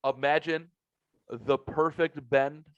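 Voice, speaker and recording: A man hosting a podcast and telling a story in casual chat, profane and animated. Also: a little high, takes it slowly, clear, resonant tone, dry recording, lo-fi sound. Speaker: podcast host.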